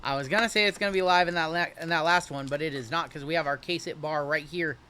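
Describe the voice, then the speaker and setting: A young man hosting a live-streamed card break, joking and hyping each pull in rapid running banter. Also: on the high side, sharp tone, a little hiss or hum.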